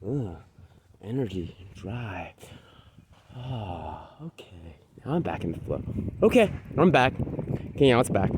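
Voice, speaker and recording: Out of breath as he walks outside, a man vlogs into a phone camera mounted on a selfie stick, sounding brash, boastful and profane in a casual way. His voice is fairly high, with a bit of background noise.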